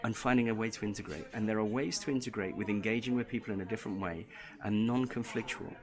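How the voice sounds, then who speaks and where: A middle-aged British man, a tech entrepreneur being interviewed live, who tells animated stories and acts out the voices of the people in them. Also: lowish voice, fast. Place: members' club with people talking nearby. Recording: busy room with crowd chatter.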